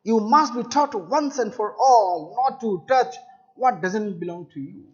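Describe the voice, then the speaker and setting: A man's voice: high voice, animated, unhurried. A man reading as a strict stern father. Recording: dull lo-fi recording.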